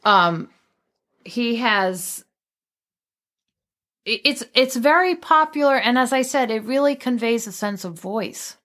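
A woman's voice: a little high, expressive, slow pace, long pauses, fairly bright tone. A woman speaking as a guest in a casual conversation about a poet, chatty and digressive, often restarting her sentences.

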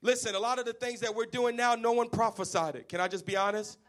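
A man preaching a sermon as pastor, impassioned, at times shouting refrains to the congregation. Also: very high-pitched, steady tone, quick pace.

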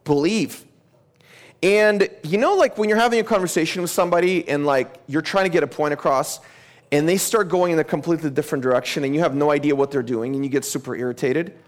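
A young male pastor preaching a sermon in a church, conversational and animated, acting out dialogue. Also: a little high, fast.

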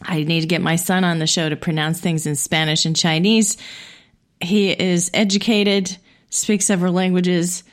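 A woman's voice: lowish voice, little pitch movement, moderate pace. A middle-aged woman from Indiana hosting a podcast, making casual, friendly, self-deprecating announcements. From Indiana, USA. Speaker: podcast host.

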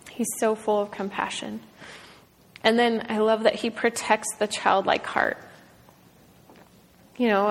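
A woman in her thirties shares a faith talk with a room of other mothers. She speaks in an earnest, casual way, full of "like" and "um", at a middle pitch. Her voice rings with the long reverb of a large hall. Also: a bit bright, slight background noise. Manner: earnest, conversational, frequent "like" and "um". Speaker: speaker at a women's gathering. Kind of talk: devotional talk.

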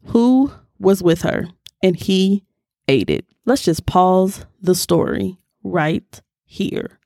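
A woman hosting a podcast, teaching scripture in a casual, animated way and talking straight to her listeners. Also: lowish voice, takes it slowly, vocal fry, no room sound, studio quality.

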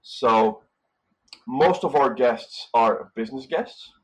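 A man's voice: mid-range voice, slow, highs cut off. A man from Brazil, a hotel manager talking casually in an interview, rambling and repeating words as he thinks.

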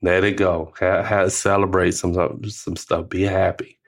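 Low-voiced older man, lively storyteller. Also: a little slow. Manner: animated storyteller, acts out quotes with laughs; uses casual slang like finna and ain't. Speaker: podcast co-host. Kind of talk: casual chat.

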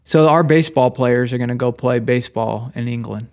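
A man co-hosting a podcast, teasing and deadpan in casual sports chat. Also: medium pitch, brisk. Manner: teasing, deadpan jokes, mock French voices. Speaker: podcast co-host.

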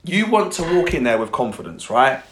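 A man's voice: medium pitch, very animated, moderate pace, fairly bright tone, a little hiss or hum. A young man, a coach, talking casually and bluntly on a podcast, swearing and joking at his own lines. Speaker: fitness and confidence coach. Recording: echoey room.

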